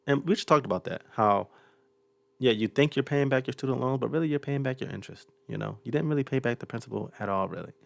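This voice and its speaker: A man's voice: medium pitch, fast talker, vocal fry, dry recording. A young man hosting a reaction video, chatting casually and chuckling often as he jokes about what he watches. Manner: chuckles often, loose and joking.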